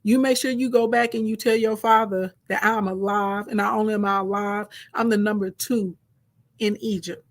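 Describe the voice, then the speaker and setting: A man's voice: sits high, fairly even intonation, moderate pace. A woman voicing a forgiving, powerful man who talks to his brothers in emphatic, streetwise phrasing.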